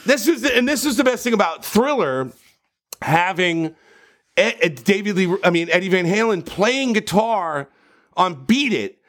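Animated, foul-mouthed man with a high voice. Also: moderate pace. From New Jersey, USA. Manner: profane, animated storytelling. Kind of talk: casual podcast chat.

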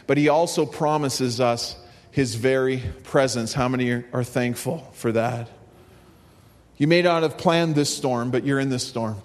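A man pastor delivering a sermon, telling a story and then rising to fervent emphasis. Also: medium pitch. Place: church sanctuary. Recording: long reverb of a large hall.

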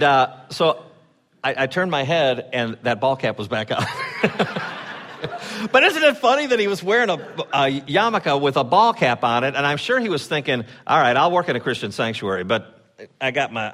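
A male pastor giving a sermon in a church sanctuary, telling stories in a conversational way and acting out quoted voices with lively swings. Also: medium pitch.

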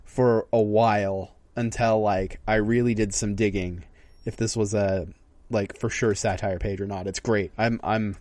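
This young podcast co-host is a rambling storyteller who keeps interrupting himself and starting sentences over during casual chat. His voice is on the low side, steady and unhurried, with a darkish tone.

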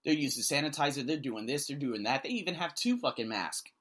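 A man who hosts an ESL podcast, ranting to camera with blunt profanity. He swings between loud outbursts and low muttering. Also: expressive, brisk. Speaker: vlogger and ESL podcast host. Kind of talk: angry opinion rant to camera.

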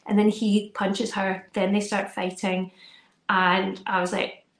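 A young woman, a podcast co-host, telling a story in animated, casual chat and acting out her children's voices. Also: medium pitch, a little slow, gravelly. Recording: roomy echo.

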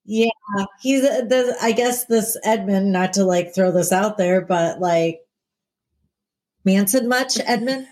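A woman's voice: medium pitch, slow pace, a little mellow. A woman co-hosting a casual chat, playful and jokey, often laughing at her own lines. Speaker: podcast co-host.

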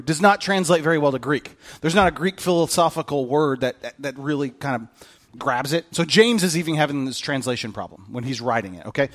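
A man preaching a sermon as a pastor, animated and candid, with self-mocking humor and voices acted out in quotes. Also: fairly high pitch.

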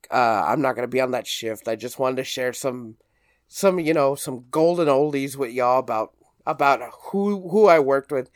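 A man's voice: medium pitch, dry recording, clean studio sound. A young man chatting casually, swearing often and acting out what people said. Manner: animated, swears often, acts out quotes. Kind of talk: casual chat.

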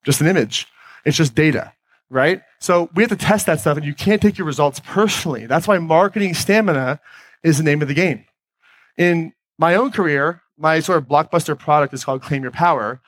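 Energetic man giving a motivational talk. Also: on the high side, fairly quick, no echo. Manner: energetic, conversational, addresses the audience with questions. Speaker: podcast host giving a talk on stage. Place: stage before a live audience.

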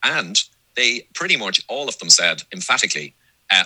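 Male guest, fast emphatic talker, bright edge, dry close sound. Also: on the low side, expressive, no room sound, low-quality recording. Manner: brisk, emphatic, laughs now and then. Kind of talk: casual discussion.

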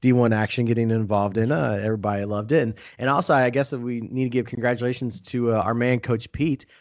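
A man in his thirties hosting a casual podcast, upbeat and full of "uh" fillers and shout-outs. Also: mid-range voice, steady tone, quick pace. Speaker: podcast host.

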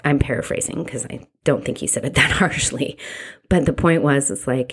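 A woman, a mother, telling her own story in a candid, reflective way, halting and restarting as she goes. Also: rumbling low, breathy edge. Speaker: mother sharing a personal story. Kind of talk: candid personal testimony.

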